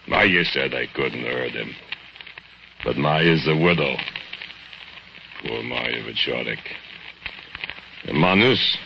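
An actor playing a menacing, drunken male foundry laborer who speaks broken English in a slow, gloating murmur, in 1940s radio acting. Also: extremely low pitch, gravelly, bright, forceful tone, slight background noise, heavily acted. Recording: lo-fi old radio broadcast with music.

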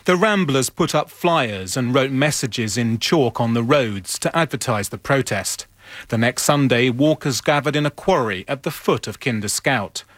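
Man narrating a documentary, steady read, dry sound, no room. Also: medium pitch, normal speed, dry recording. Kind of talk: scripted narration.

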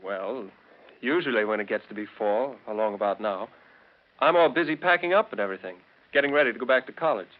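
An actor as a mild young fiancé. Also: male voice, mid-range voice, expressive, fast, close to an everyday voice. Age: young adult. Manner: mild, hesitant. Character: earnest young college graduate, fiancé. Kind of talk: 1940s radio acting. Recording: dull old radio recording.

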